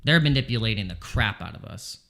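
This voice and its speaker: A man's voice: fairly low pitch, animated, fairly quick, creaky, sharp tone. A man streaming his crypto trades live from home, talking anxiously and pleading over and over with the market. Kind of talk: live trading stream commentary.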